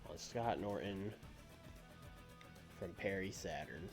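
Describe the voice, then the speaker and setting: A man streaming a wrestling booking game, musing aloud and swinging from soft to loud. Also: sits low, slow, vocal fry. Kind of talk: thinking aloud while playing a game. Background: faint music.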